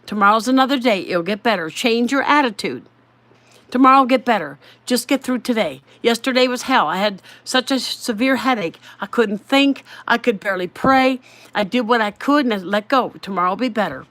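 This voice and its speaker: This is a middle-aged woman giving an earnest devotional talk in a fairly high voice. She is emphatic and repeats key phrases for stress. Her voice is recorded dry, with no room sound around it. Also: expressive, a little fast, a bit bright, no echo. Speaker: devotional speaker.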